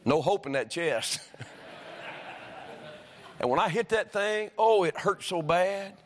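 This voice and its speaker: A high-pitched man preaches a sermon in a church sanctuary, spinning homespun stories that rise into fervent exhortation. His voice carries a long hall reverb around it. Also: animated, slow pace. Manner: folksy storytelling, rising to fervent preaching. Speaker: pastor.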